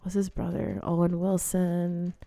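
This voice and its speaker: A woman's voice: fairly low pitch, completely flat delivery, a little slow, mellow. A woman in her twenties telling candid stories in a casual monologue. She swears freely and laughs often. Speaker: vlogger.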